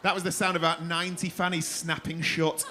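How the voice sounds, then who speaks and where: A man's voice: a little high, little pitch movement, a little fast, background noise. A man hosting a comedy club, doing teasing, foul-mouthed crowd work from the stage. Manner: brash, teasing, swears freely.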